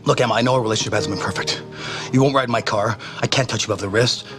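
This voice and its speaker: An actor playing an awkward male football coach, pleading with his girlfriend in a rushed TV scene. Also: lowish voice, fairly bright tone. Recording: TV clip with music under it.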